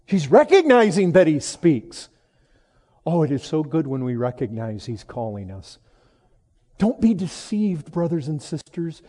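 Slow preacher in a reverberant hall. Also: male voice. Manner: swings between hushed low tones and raised emphatic lines. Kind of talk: sermon.

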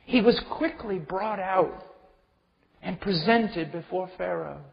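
A man preaching a sermon with passion, swinging from hushed tones to shouting. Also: sits high, slow pace, creaky. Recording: dull recording with long hall reverb.

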